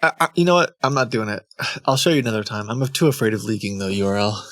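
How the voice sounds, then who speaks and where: A man's voice: on the low side, quick pace, a bit bright, no room sound. A man live-streaming, chatting casually to his viewers, rambling and cutting himself off, often laughing at himself.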